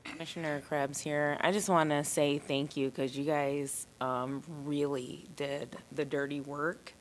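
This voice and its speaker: Tearful, slow-talking woman commissioner. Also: sits low, little pitch movement, slight background noise. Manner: emotional, apologetic. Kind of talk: public meeting farewell remarks.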